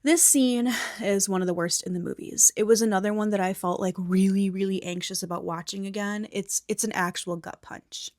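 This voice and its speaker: A woman recapping a movie in a soft whisper, blunt and opinionated, with some swearing. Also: mid-range voice, fairly even intonation, moderate pace, few pauses, no room sound, studio quality. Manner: soft unvoiced whisper mixed with quiet speech.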